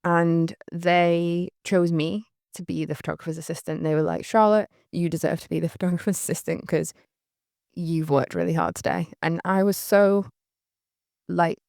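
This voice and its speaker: This is a young woman with a light Northern English accent, telling a candid story in a loose, rambling way with plenty of fillers. Her voice sits a bit low with a gravelly edge. It is recorded close and dry, with no room sound. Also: steady tone, moderate pace, a little mellow, no room sound. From Northern England. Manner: chatty, rambling, laughs often, many "like" fillers. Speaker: photographer recalling her career. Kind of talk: candid anecdotal monologue.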